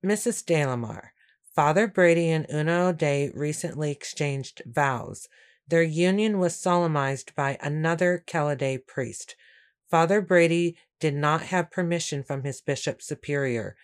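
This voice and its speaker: A woman voicing a calm, commanding gentleman of means who speaks in a measured, controlled way while reading a story aloud. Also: sits low, clean tone. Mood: urgent. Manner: measured, controlled, briefly angry.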